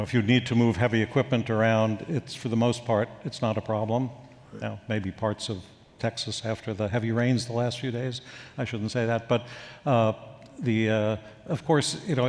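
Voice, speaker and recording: Older man musing haltingly in a reverberant hall. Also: on the low side. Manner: thoughtful, halting, anecdotal with many fillers. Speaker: guest expert. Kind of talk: onstage forum conversation. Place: conference hall stage.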